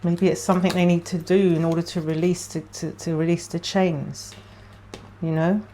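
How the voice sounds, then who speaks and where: A woman's voice: on the low side, little pitch movement, normal speed, mellow, slight background noise. A woman giving a casual tarot card reading to camera. She talks in an emotional, chatty way and thinks aloud as she pulls cards. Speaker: tarot reader.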